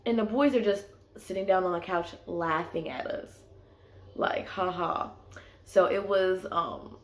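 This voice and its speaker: A young woman casually telling a personal story, filling her sentences with "like". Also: fairly low pitch. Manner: chatty, leans on "like" as filler. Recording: echoey room.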